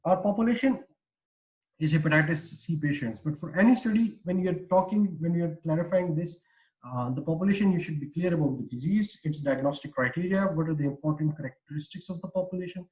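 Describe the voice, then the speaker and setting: A man's voice: a little high, fairly quick, a little mellow, poor audio. A man giving an online research lecture over a video call, explaining with many "uh" fillers and restarts. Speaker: webinar lecturer.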